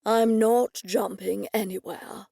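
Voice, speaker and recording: A woman voicing a pompous, self-assured older man who is quick to accuse others. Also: mid-range voice, steady tone, gravelly, mellow, slightly rough, dry recording, clean studio sound, full character voice.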